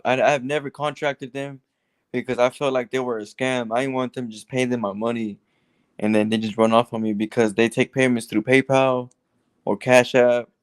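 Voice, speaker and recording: A man's voice: mid-range voice, fairly even intonation, brisk, clean tone, dry recording. A man calling in for advice, telling a long story with many restarts. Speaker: caller seeking advice. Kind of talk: casual phone conversation.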